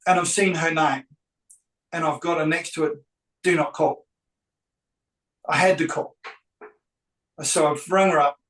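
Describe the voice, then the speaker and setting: A man's voice: fairly high pitch, steady tone, measured pace, pauses often, fairly bright tone, roomy sound, recorded from a distance, low-quality recording. A man, a real estate agent, tells a story animatedly and acts out both sides of the dialogue. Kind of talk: anecdotal storytelling.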